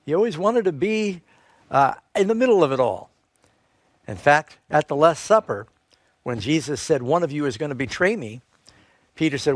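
A man teaching a Bible lesson in sermon style, retelling stories and rising sharply in pitch when he stresses a point. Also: animated, normal speed, pauses often, no echo.

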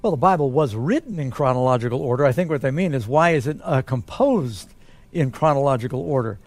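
A man, a pastor, answering Bible questions in a relaxed, conversational way. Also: medium pitch, fairly quick, no room sound.

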